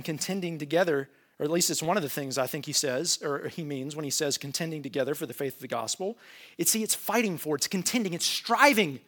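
A male pastor delivering a conversational sermon, full of rhetorical questions and quick restarts. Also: sits high, bright, forceful tone.

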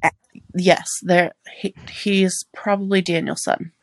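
Deadpan low-voiced mom with gravel. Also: female voice, slow pace, dry recording. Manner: blunt, deadpan, swears casually. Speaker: podcast co-host. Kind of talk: casual chat.

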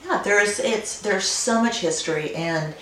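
A woman's voice: medium pitch, unhurried. A middle-aged woman winemaker, a guest telling family stories in a casual interview, with many fillers and restarts. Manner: warm storytelling with frequent fillers and restarts. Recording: roomy and distant, faint noise.

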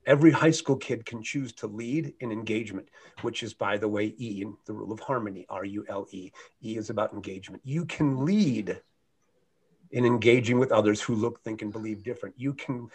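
A middle-aged man from the United States, a guest speaker telling a motivational story with earnest, animated delivery. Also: medium pitch, slightly rough. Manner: earnest, animated anecdote with shifting loudness.

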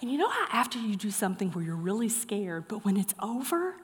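A middle-aged woman preaching a sermon, moving from lively storytelling to soft, earnest encouragement. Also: medium pitch, brisk. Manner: animated storytelling, then soft earnest exhortation. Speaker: pastor. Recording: long hall reverb.

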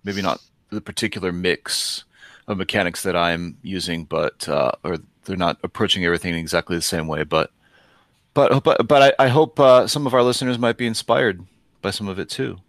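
Man, lowish voice, podcast game master, thoughtful, dead-dry sound. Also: fairly quick, a bit bright, dry recording. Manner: thoughtful, with many restarts. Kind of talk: casual podcast discussion.

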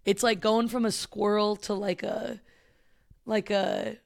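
A man's voice: high voice, flat delivery, slow pace, gravelly. A man co-hosting a casual comedy podcast, talking in loose rambling sentences full of "like". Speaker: podcast co-host.

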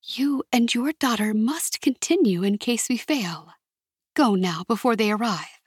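A woman's voice: fairly high pitch, animated, a little slow, breathy edge, no echo, studio quality. A woman voicing Yvette, a firm, urgent leader.

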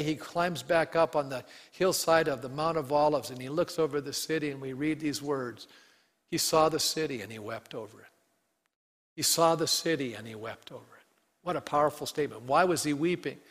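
Earnest male pastor preaching in a hall. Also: on the high side. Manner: earnest preaching, reading scripture aloud with slowed, falling emphasis. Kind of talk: sermon.

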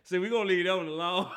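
High bright-voiced man ranting about football. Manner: animated, teasing, repeats himself, laughs often. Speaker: sports talk host. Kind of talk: casual sports talk rant.

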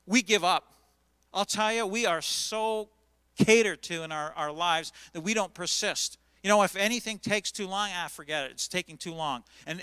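High, bright-voiced man preaching. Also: clean tone, no room sound. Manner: earnest, urging, repeats words when stressing a point. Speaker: pastor. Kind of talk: sermon.

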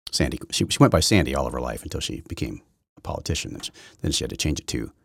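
A man hosting his own podcast from his basement, rambling through a political rant that swings from loud outbursts to low muttering, with many restarts. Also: lively intonation, racing, creaky, husky, no room sound, clean studio sound. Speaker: podcast host. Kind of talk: solo political commentary rant. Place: home basement.

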